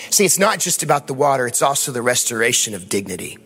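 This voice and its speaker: A man's voice: mid-range voice, big pitch swings, fast, bright, forceful tone, husky, big-room sound. A male pastor preaching a sermon in a church sanctuary, emphatic, with rhetorical questions and calls to the congregation.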